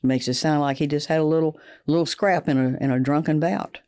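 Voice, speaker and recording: A man giving indignant, deliberate commentary in an interview. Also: on the high side, steady tone, darkish tone, smooth.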